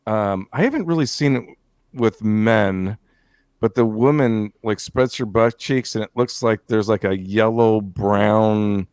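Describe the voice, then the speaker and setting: A man hosting a casual podcast, steering the questions quickly and jokingly. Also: on the low side, darkish tone, clear, resonant tone, dry recording, clean studio sound. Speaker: host.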